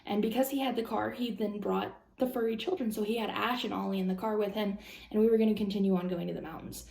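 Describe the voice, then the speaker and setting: A young woman rambles through a personal story for her vlog, full of fillers and restarts. Her voice has a gravelly fry and a mellow, darker tone. The room around her sounds echoey. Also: mid-range voice, steady tone, fast talker. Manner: rambling, lots of "like" and "um", anxious retelling. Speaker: vlogger.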